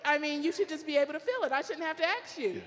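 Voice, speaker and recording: A woman's voice: high-pitched, lively intonation, fast. A woman co-leading a sermon, teasing and candid as she tells a story. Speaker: pastor's wife, co-pastor. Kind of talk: conversational sermon. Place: church sanctuary. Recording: long church hall reverb.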